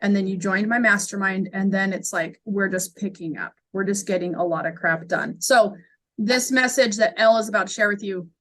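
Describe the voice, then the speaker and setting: A woman's voice: medium pitch, moderate pace, a bit bright. A woman hosting a podcast, introducing her guest in a chatty, upbeat way. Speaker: podcast host. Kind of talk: casual chat.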